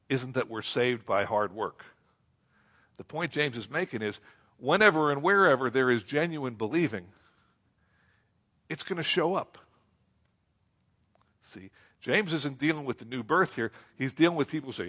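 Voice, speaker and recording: Male pastor, conversational sermon delivery with rhetorical questions and a slower pace for scripture readings. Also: mid-range voice, animated, fairly bright tone. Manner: conversational preaching with rhetorical questions and repeated phrases.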